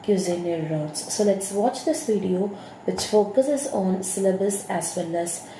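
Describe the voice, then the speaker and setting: A woman teacher gives a lecture, her voice mellow and unhurried. She explains things patiently and comes back to the same key terms again and again. The recording sounds roomy, with a faint hiss behind her. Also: medium pitch. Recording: echoey room with faint hiss.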